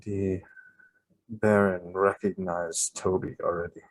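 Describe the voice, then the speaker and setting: A man voicing a discreet male companion who speaks quietly. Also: fairly even intonation, moderate pace, breathy edge, no echo, poor audio. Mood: hushed. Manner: quiet, conspiratorial, low-key.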